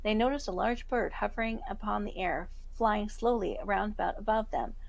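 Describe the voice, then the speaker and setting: A woman podcast host reading a fairytale aloud in a steady storybook manner. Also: mid-range voice, normal speed, gravelly, poor audio. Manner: steady storybook narration with self-corrections.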